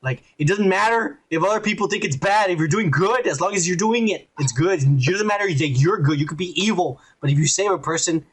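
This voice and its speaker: A man's voice: high-pitched, a little fast, hardly any pauses, breathy edge. A man hosting a podcast, recapping a show in a rambling, profane, mocking way. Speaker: podcast host.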